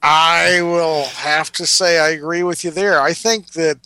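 Male podcast co-host: bright, forceful voice, dry close sound, sarcastic ranting delivery. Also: a little high, steady tone, a little slow, smooth, dry recording, poor audio. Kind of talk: casual podcast chat.

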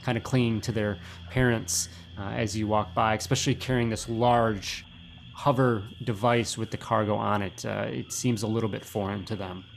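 A man's voice: fairly low pitch, fairly even intonation, normal speed, vocal fry, slight background noise. A man narrating a tabletop role-playing game as game master, loose and descriptive with lots of fillers.

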